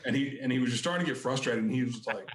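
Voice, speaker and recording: In an echoey room, a man with a mid-range voice talks very fast. A book collector appearing as a podcast guest, he tells rambling anecdotes casually and acts out the quotes.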